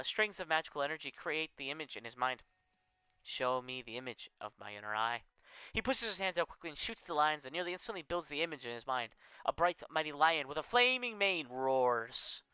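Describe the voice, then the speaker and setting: A man's voice: a little high, pushed and bright, smooth, dry recording, lo-fi sound. A man reading his story aloud on a live stream, with small slips and corrections.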